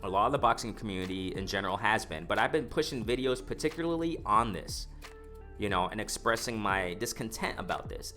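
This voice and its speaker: A man hosting a casual boxing commentary vlog, reading a news story aloud and reacting with excitement, heavy on slang and fillers. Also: fairly low pitch. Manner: excited, animated, talks to the viewers as "ladies and gentlemen"; slangy, full of fillers like "you know" and "man".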